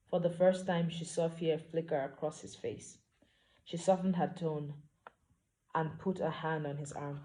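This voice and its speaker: Low-voiced woman author reading aloud. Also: fairly even intonation, normal speed, warm tone. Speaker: author reading her book. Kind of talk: reading aloud from her novel.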